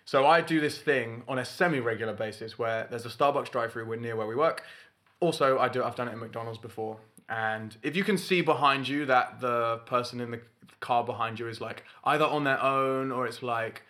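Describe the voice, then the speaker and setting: A young man in casual chat, telling stories with lively mock voices for the people in them. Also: medium pitch. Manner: animated storytelling with quick mock voices. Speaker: podcast co-host.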